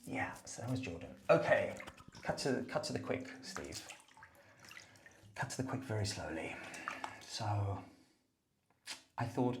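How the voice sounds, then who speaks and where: A man recording a rambling, reflective voice note in a bathroom, meandering and self-mocking, sometimes dropping to a soft murmur. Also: on the low side, expressive, a little slow, long pauses, echoey room, slight background noise. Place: bathroom, at the bath. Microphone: phone voice note.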